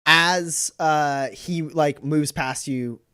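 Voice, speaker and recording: A man's voice: a little high, extremely slow, pushed and bright, smooth. A man narrating a tabletop role-playing game as game master, rambling through scenes with many fillers.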